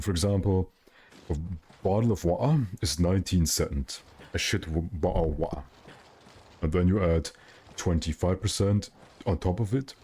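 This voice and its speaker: Deep-voiced rambling streamer guy. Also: warm tone, breathy edge. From Germany. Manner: rambling, jokey, self-correcting. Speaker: game streamer. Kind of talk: casual livestream chat.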